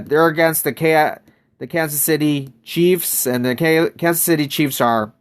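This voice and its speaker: A man streaming a mobile basketball game, chatting casually and greeting viewers from chat. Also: a little high.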